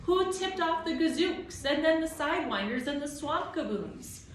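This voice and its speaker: A woman's voice: a little high, animated, normal speed, a bit bright, pitched above the performer's own voice. A woman reading aloud as a fierce young boy, angry and defiant. Her voice rings in a very echoey room. It is picked up from a distance. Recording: echoey room, mic far off.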